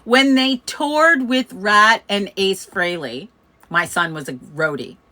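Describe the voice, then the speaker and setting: Speaking slowly in a medium-pitched voice, this host of a community coffee chat keeps things chatty as she tells a story. She laughs a lot and brings the people she quotes to life with animated impressions.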